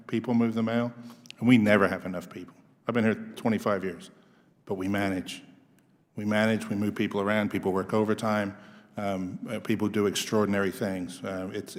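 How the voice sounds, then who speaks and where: Middle-aged man, postmaster, matter-of-fact, monotone, reverberant room. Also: fairly low pitch, brisk. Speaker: postmaster testifying. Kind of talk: plain-spoken testimony. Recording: long reverb of a hearing room.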